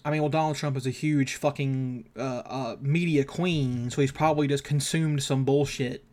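A man's voice: medium pitch, fairly even intonation, moderate pace, a little mellow. A man co-hosting an amateur podcast, ranting about politics in a heated, profane, casual way. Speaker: podcast co-host.

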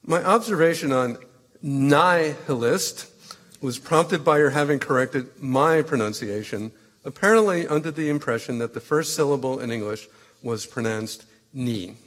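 An actor reading letters as a stern, opinionated literary critic who lectures and corrects. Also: male voice, fairly high pitch, lively intonation, moderate pace, fairly bright tone. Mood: lecturing. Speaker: letter reader. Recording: long hall reverb.

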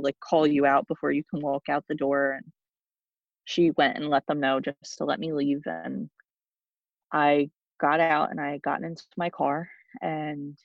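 Flat, gravelly young woman recounting a loss. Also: low voice, no echo. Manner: halting, with frequent restarts. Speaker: podcast guest. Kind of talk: personal storytelling. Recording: dull lo-fi dry sound.

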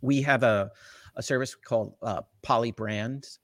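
A man's voice: mid-range voice, a little slow, no room sound, studio quality. A man from the Jersey Shore with a New Jersey accent, explaining technology in a casual interview and often checking in with "right?". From Jersey Shore, USA. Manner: animated, lots of "right?" tag questions. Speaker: tech company guest.

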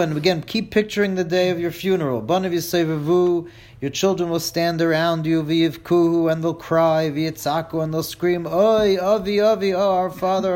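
A man teaching a class, reading lines of a Hebrew text aloud and translating each into English with dramatic emphasis and a wry humor. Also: a little high. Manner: reads Hebrew lines then translates them line by line, dramatic; wry, jokes with listeners. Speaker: Torah teacher.

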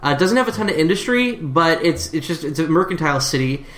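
Woman, game master, lively pitch, rambling with hesitations, echoey room. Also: fast. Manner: relaxed, rambling, hesitant with many uhs. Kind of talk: narrating a tabletop game podcast.

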